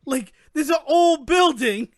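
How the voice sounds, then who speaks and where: A man's voice: very high-pitched, lively intonation, a little slow, no room sound. A man co-hosting a podcast, chatting casually with lots of filler words. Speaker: podcast co-host. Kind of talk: casual chat.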